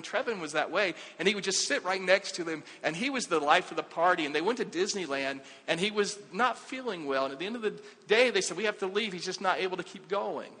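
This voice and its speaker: A man preaching a conversational sermon, asking the congregation questions and dropping his voice low for emphasis. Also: pushed and bright. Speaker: pastor. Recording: long hall reverb.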